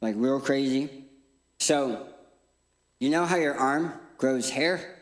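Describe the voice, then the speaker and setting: A man's voice: mid-range voice, slow pace, reverberant. A man in his thirties with a permanent speech impediment, giving a jokey, self-deprecating church talk. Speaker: guest speaker. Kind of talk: humorous inspirational church talk. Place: church auditorium.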